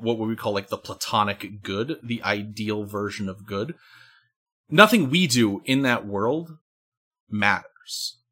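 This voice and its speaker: A man's voice: medium pitch, pushed and bright, slightly rough. A man co-hosting a casual discussion, lecturing at length and checking in with "right?". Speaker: podcast co-host.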